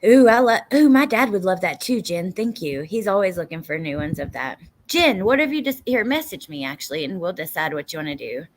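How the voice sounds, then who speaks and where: A woman's voice: lowish voice, sing-song, fairly quick, hardly any pauses, slight background noise. A woman with a Southern US accent chatting casually on a livestream, reading viewer comments and swearing emphatically now and then. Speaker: true crime livestream host.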